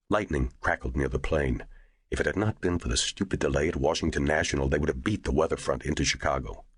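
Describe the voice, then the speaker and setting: A man narrating an audiobook in a measured storytelling voice. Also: a bass voice, husky, no echo, clean studio sound. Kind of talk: scripted narration.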